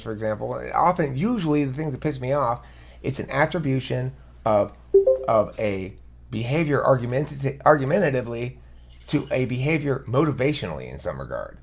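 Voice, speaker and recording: A man hosting a call-in debate show, combative and profane, shouting when he gets angry. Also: mid-range voice, vocal fry, husky. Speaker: host.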